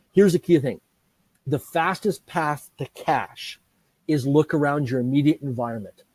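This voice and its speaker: A middle-aged man speaks with an energetic, animated drive, piling up lists and acting out little dialogues. His voice sits a touch high for a man but sounds warm and mellow. The recording is close and dry. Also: normal speed, breathy edge, no room sound. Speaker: guest speaker, business trainer. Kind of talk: animated interview storytelling.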